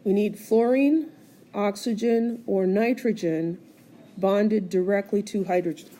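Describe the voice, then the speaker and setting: In a chemistry screencast recorded on a tablet, a woman with a medium-pitched, warm voice speaks a little slowly. She explains each step and puts questions to the class.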